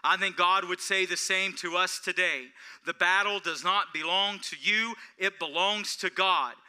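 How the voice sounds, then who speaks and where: Guy preaching a sermon, really bright ringing voice, bit on the high side, gets big and stretched out. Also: steady tone, smooth. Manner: preaching with swelling intensity and slow, drawn-out emphasis. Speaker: pastor.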